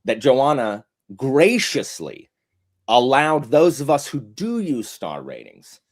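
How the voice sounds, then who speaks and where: A man's voice: medium pitch, very animated, slow pace. A man hosting a mock courtroom chat, teasing and playfully theatrical. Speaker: host.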